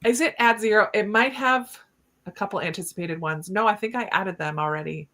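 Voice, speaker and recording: A woman's voice: medium pitch, brisk, sharp tone. A middle-aged woman hosting a casual live reading stream from home, chatting in a rambling way with many fillers.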